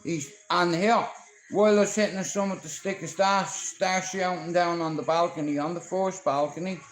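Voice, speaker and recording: A man's voice: high voice, fairly even intonation, moderate pace, roomy sound, low-quality recording. A man from Ireland with a Dublin accent, talking on a livestream in a rambling, profane, confrontational way as he tells stories from his life. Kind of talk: rambling live-stream monologue.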